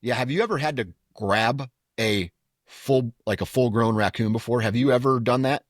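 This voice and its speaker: A man in casual podcast chat tosses off quick replies and jokes in a mid-range voice. The sound is dry and close, with no room echo. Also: medium pitch. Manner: quick back-channel replies, jokey. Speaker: podcast co-host.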